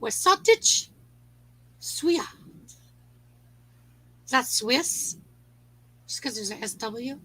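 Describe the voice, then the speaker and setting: A woman hosts a relaxed livestream chat with a high voice. She is playful and pokes fun at herself. Her tone is bright and lively. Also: unhurried, pauses often, husky, low-quality recording. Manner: playful, self-mocking, laughs at own mistakes. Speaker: livestream host.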